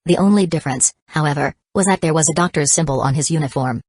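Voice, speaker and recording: A woman narrating an audiobook in a steady, even reading voice. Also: low voice, fast, husky, no echo. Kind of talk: scripted narration.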